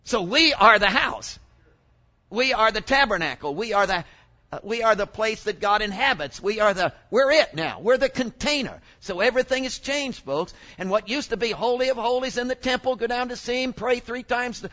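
A man preaching a sermon in an animated way, often exclaiming and asking the congregation questions. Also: extremely high pitch, moderate pace, highs cut off.

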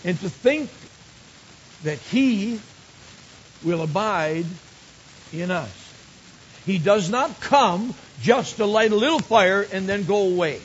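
An older man with a fairly high voice preaches a storytelling sermon, building his points up to emphatic exclamations. The recording is dull and lo-fi, with a faint hiss underneath. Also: animated, slow, pauses often. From Michigan.

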